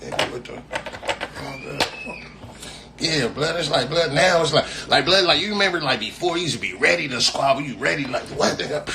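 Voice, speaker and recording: A California streamer chats casually with viewers in a fairly high, expressive voice, fairly quick and with vocal fry, against a noisy background. His live talk rambles, profane and packed with slang and repeated phrases.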